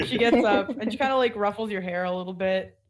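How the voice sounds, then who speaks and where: A woman's voice: mid-range voice, moderate pace, slight background noise. Rambling woman game master. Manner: rambling, full of "like" and "kinda". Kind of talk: narrating a tabletop game.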